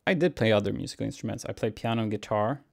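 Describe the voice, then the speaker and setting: Low gravelly man, relaxed. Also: very fast. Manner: relaxed, musing, chuckles often, reads viewer questions aloud. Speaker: cellist and YouTuber. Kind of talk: casual Q&A vlog.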